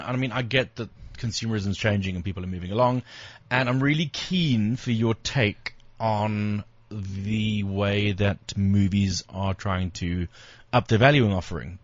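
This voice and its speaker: Man, radio co-host, low voice, fast banter, muffled dry studio sound. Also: lively intonation, no echo. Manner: quick, joking, reads figures off a screen. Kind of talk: casual chat.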